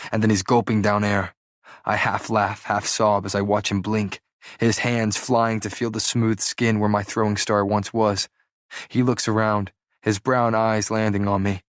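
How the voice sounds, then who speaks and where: A man's voice: fairly low pitch, dry recording, studio quality. A man reading a first-person audiobook chapter in a dramatic, urgent storytelling manner, acting out the dialogue. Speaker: audiobook narrator.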